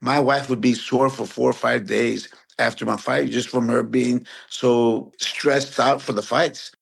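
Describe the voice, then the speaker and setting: A man in his fifties from San Antonio, a retired boxer telling stories as a podcast guest, relaxed and animated. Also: mid-range voice, unhurried, gravelly, breathy edge. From San Antonio, Texas. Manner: relaxed, animated storyteller who acts out quotes. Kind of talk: casual interview storytelling.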